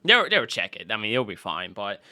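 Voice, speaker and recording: With a fairly low pitch and normal speed, a man hosts a podcast in a casual, chatty style. He tells his stories with animation and acts out the quotes.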